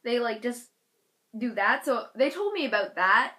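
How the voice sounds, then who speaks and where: Bright-voiced chatty young woman. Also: on the high side, animated, unhurried. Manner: chatty, lots of filler "like". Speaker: vlogger. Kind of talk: casual storytime.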